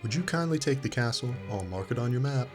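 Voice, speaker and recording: A man's voice: mid-range voice, lively intonation, fast, soft background music, close to an everyday voice. A man putting on the voice of an earnest male militia officer who keeps insistently repeating the same requests.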